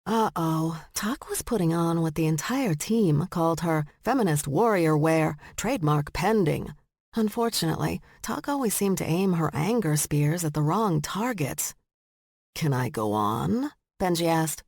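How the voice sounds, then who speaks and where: A woman narrating a romance audiobook in slow, measured storytelling, recorded close on a studio mic. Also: lowish voice, expressive, darkish tone, no echo. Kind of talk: scripted narration.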